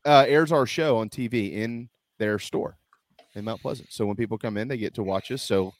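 A man's voice: on the low side, normal speed, dry recording, clean studio sound. A man hosting a casual sports talk show, chatting and reading sponsor ads in an upbeat, salesy manner. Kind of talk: casual sports radio chat and ad reads.

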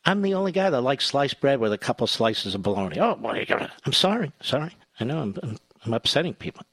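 A man hosting a call-in radio talk show, combative and jokey, working himself up to loud outrage. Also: medium pitch, very animated, fast talker, slightly rough, no echo. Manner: joking, self-mocking banter.

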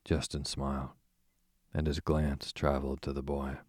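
Man reading a sleep story, super deep voice, dry close mic, calm. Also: moderate pace, no echo. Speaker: narrator.

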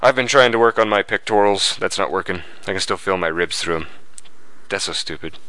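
A man hosting a podcast, chatting casually and joking, then rattling off the show's plugs. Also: low-pitched. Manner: animated, jokey, rattles off plugs quickly. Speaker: podcast host.

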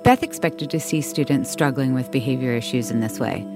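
A woman reading scripted documentary narration in a measured, even way as the podcast narrator. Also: a bass voice, gravelly. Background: music bed.

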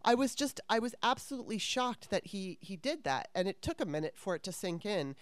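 A woman in her fifties tells a story on her podcast in loose, casual chat. She swears freely and rambles through restarts in a smooth, clear voice at a middle pitch. The sound is dry and close, with no room around it. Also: big pitch swings, fairly quick, no room sound. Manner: candid, profane, rambling with restarts. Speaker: podcast host.

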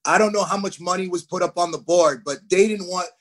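A man in his thirties, a hockey player telling stories as a podcast guest, animated and acting out what people said. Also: sits high, a little fast. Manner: animated, acts out quotes. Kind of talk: podcast interview, storytelling.

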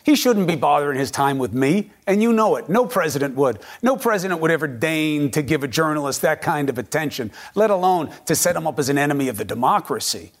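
A man anchoring a cable news interview, pressing his guest in a forceful, argumentative way. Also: on the high side, expressive, brisk, hardly any pauses.

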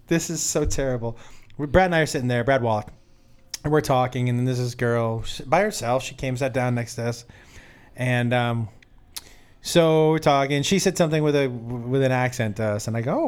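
A man hosting a casual talk show, telling a story with lively voiced quotes and laughter. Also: mid-range voice, a little fast, clean tone. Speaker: host. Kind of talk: casual banter with role-play and storytelling.

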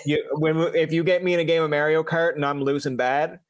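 Young man, Newfoundland accent, casual host, animated storyteller, higher voice, dry sound. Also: a little fast, clear, resonant tone, no room sound. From Newfoundland, Canada. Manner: lively storyteller, acts out voices. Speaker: podcast host. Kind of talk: casual chat.

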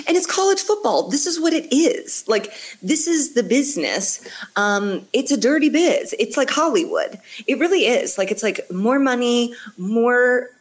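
A woman from Indiana, a comedian co-hosting a casual sports podcast, candid and animated with frequent laughter. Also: a little high, unhurried. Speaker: comedian and co-host.

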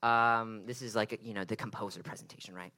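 A man casually pitching his musical idea, rambling with lots of fillers and self-mocking asides. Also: steady tone, fairly quick. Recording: long hall reverb with loud music.

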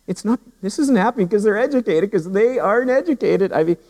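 A pastor preaching a sermon with humor and animated storytelling, often repeating his words as he goes. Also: high-pitched, fast talker, in a large hall, poor audio. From Canada.

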